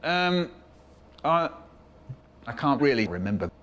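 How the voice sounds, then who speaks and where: A man's voice: mid-range voice, big pitch swings, slow, fairly bright tone. A man acting a flustered older man who struggles with his computer in a comedy skit, stammering and laughing mid-line.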